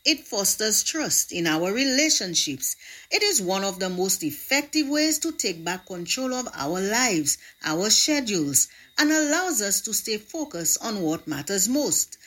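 Woman devotional presenter, scripted, lively and expressive reading. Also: medium pitch, measured pace. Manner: expressive storytelling.

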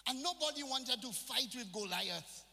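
A man's voice: extremely high pitch, animated, moderate pace, gravelly, pushed and bright. A male pastor preaching a sermon in a church, with call-and-response and phrases mixed in. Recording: reverberant church hall.

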